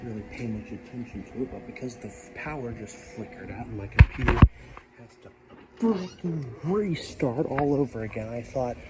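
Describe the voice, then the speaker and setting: A tired man in casual, rambling vlog commentary, excitable and talking to himself while standing outside in a rainstorm. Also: mid-range voice, moderate pace, very noisy. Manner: chatty, excitable, talks to himself, mild self-censored cursing. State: tired from staying up all night. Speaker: vlogger. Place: outdoors on a top step in a rainstorm. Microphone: handheld camera. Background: rain falling.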